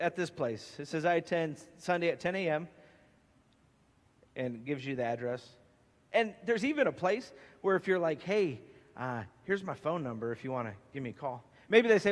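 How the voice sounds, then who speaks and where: High-voiced pastor preaching in a reverberant hall. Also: male voice, moderate pace. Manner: emphatic, animated preaching with playful asides. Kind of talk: sermon. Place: church sanctuary.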